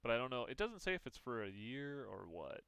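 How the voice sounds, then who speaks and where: A man's voice: mid-range voice, sing-song, a little fast, a bit bright, clean tone. A man co-hosting a podcast, thinking aloud in casual chat with hesitant restarts. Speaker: podcast co-host.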